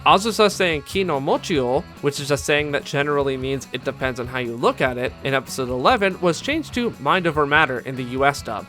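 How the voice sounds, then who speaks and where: Bright-voiced man narrating a video essay. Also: mid-range voice, fairly quick, hardly any pauses, soft background music. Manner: enthusiastic, candid fan commentary with asides. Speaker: YouTube anime commentator.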